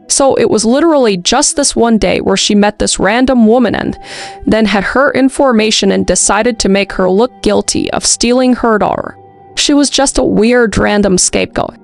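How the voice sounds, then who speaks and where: Creaky-voiced woman podcast host. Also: a little high. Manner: chatty, with snarky asides and frequent "like". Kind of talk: casual true-crime storytelling.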